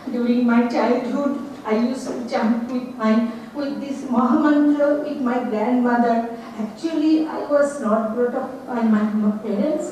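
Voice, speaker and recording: A woman sharing a hesitant, soft-spoken personal testimony as a participant at a retreat. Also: fairly high pitch, slight background noise. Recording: echoey hall, mic far off.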